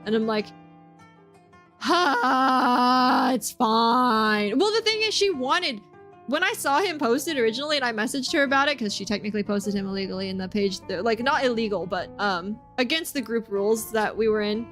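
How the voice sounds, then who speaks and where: A woman's voice: fairly high pitch, expressive, fast talker, fairly bright tone. A young woman streaming from home, chatting with her viewers in a bubbly way and laughing often. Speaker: game streamer. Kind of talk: casual chat with stream viewers. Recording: faint background music.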